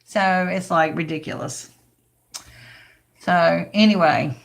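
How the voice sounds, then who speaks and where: Hoarse, raspy older woman with a lilt. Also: on the low side, takes it slowly. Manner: chatty, rambling, talks to viewers by name. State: hoarse, losing her voice. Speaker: craft livestream host. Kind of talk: casual craft livestream chat.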